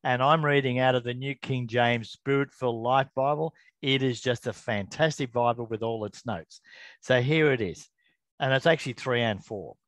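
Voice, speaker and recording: A middle-aged man giving an informal Bible devotional to camera, earnest and chatty, often stopping to correct himself and slowing down to read verses. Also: mid-range voice, fairly bright tone, no echo. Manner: earnest, chatty, self-interrupting, reads scripture slowly. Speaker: Bible teacher.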